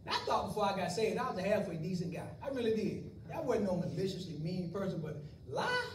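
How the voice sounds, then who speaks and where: A man's voice: high-pitched, big pitch swings, fairly quick, noisy background. A man preaching a sermon to his congregation in a folksy style, with joking asides to the crowd. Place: church sanctuary. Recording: echoey room, voice from far off mic.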